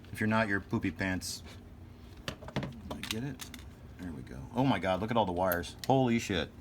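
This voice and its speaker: A man's voice: on the low side, a bit bright, a little hiss or hum. A man hosting a casual hobby vlog about slot cars, talking in a joking, rambling, self-deprecating way. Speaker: host of a slot car channel.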